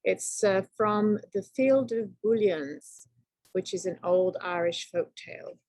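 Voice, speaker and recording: Woman teacher, storybook read-aloud, slow, husky, gravelly, dry close sound. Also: medium pitch, no room sound. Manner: expressive, dramatic storyteller. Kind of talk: picture book read-aloud for children.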